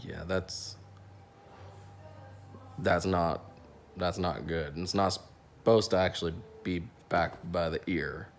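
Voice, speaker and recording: A man's voice: sits low, takes it slowly, long pauses, faint music behind. A young man, a dentist, casually telling a funny story from work, acting out what people said with lots of restarts and fillers. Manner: animated, acts out quotes, many restarts and fillers.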